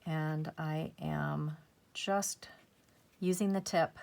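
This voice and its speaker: Slow, soft-spoken woman crafting tutor. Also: low voice, steady tone, gravelly. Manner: soft, unhurried, gently encouraging. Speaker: crafting channel host. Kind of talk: calm step-by-step crafting tutorial.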